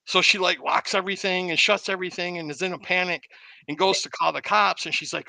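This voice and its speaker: A man, a podcast host, casually retelling a movie plot as an animated storyteller. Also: high voice, a little fast, gravelly, no room sound, low-quality recording. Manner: animated storyteller who acts out the quotes.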